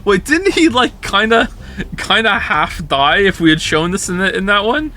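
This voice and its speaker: Male streamer with a slightly high, bright voice doing loose, rambling casual chat with viewers. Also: sing-song, moderate pace. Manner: chatty, rambling with frequent restarts. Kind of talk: casual livestream chat reacting to viewer comments.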